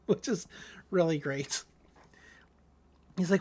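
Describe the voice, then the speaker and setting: Young female podcast co-host, chatty anime recap, quick acted voices for every character. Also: mid-range voice, animated, warm tone, breathy edge. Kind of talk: casual recap of an anime episode.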